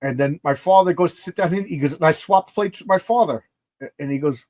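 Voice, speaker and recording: NY guy, high-pitched, chatty anecdote-teller who does the voices. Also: a little fast, a little mellow. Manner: rambling anecdotes, acts out quoted people. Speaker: podcast host, comic artist. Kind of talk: casual storytelling chat.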